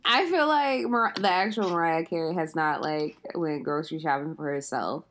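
A woman's voice: low voice, moderate pace, a bit bright, slight background noise. A woman co-hosting a podcast in casual chat, making blunt, slangy remarks and giving strong opinions. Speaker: podcast co-host.

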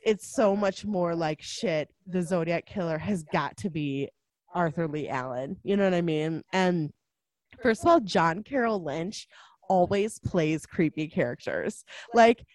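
A woman in casual conversation about a film, animated, laughing often and acting out characters' lines. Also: medium pitch, dry recording. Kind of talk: casual movie discussion.

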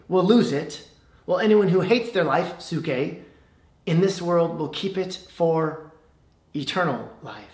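A man preaching a sermon as pastor, with an emphatic, measured delivery and dramatic pauses. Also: a little high, echoey room. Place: church.

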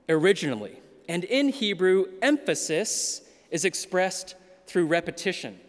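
A high-voiced man preaches with unhurried, deliberate delivery. He leans on dramatic pauses and emphatic repetition, and his voice rings with the long reverb of a large hall. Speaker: pastor. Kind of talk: sermon.

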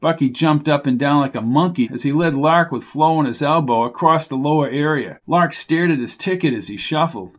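A man reading a mystery story aloud as its narrator, with steady storytelling. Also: a little high, brisk, few pauses. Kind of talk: audiobook narration.

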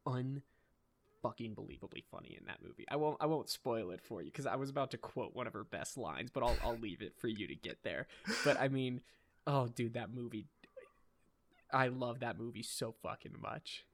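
Brief: young guy hosting a chat podcast, mid-pitched, excitable, rambles with lots of fillers. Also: moderate pace. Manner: rambling, enthusiastic, swears casually, many fillers. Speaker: podcast host. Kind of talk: casual chat.

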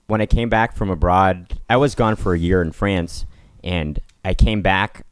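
Resonant lowish male guest. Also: normal speed, smooth. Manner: dry, anecdotal, echoes others' jokes. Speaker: guest, musician. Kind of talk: casual podcast chat.

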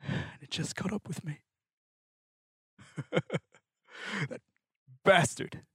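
A man's voice: high-pitched, takes it slowly, husky, no echo, clean studio sound, pitched above the performer's own voice, full character voice. A man voicing a raging, heartbroken hero cursing fate. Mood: bitter. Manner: shouting, cracking laughter, bitter. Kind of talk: tabletop role-play.

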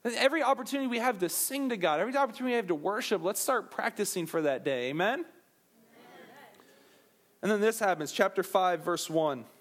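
A man with a notably high voice delivers a sermon as a pastor. He talks in an animated, conversational way, mixing scripture with playful asides to his listeners. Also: fairly quick. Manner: animated, jokey asides to the crowd.

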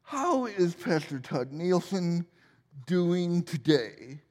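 A man's voice: high voice, big pitch swings, slow, a little mellow, big-room sound, exaggerated voice. A man putting on a chirpy female TV interviewer who says her r's and l's as w's. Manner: mispronounces r and l sounds as w.

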